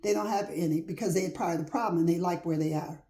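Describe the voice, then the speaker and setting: A woman's voice: on the low side, fast, mellow. A woman delivering an informal faith-based motivational talk with an emphatic, repetitive preacher cadence and casual, folksy phrasing. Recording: roomy echo.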